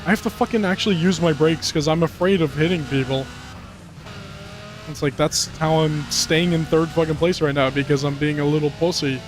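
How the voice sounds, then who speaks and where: A man giving casual, profane commentary over a racing game, rambling and ranting with animated outbursts. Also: fairly high pitch, fairly quick. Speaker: gaming commentator. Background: game music and car engines.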